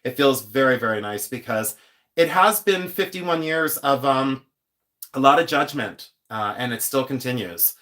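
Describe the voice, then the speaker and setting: A man's voice: mid-range voice, expressive, moderate pace, fairly bright tone. A man in his fifties hosting a live stream, telling stories in a chatty, joking way. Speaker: host. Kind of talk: casual live-stream chat.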